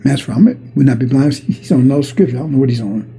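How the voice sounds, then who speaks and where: Male preacher, gravelly and dark, colloquial sermon style. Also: medium pitch, fast, low-quality recording. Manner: colloquial, repetitive preaching with acted-out dialogue.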